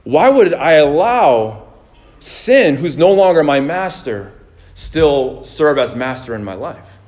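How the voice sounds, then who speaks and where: A man's voice: a little high, very animated, slow, a little mellow. Casual preaching man in his thirties. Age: 30s. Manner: casual, anecdotal, laughs easily, many restarts. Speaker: pastor. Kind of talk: conversational sermon.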